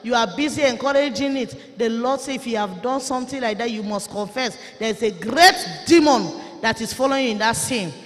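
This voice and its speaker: A woman preacher with a Nigerian accent, delivering a fiery sermon, forceful and often shouting as she rebukes her listeners. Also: a little high, a little fast, hardly any pauses. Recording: echoey hall reverb.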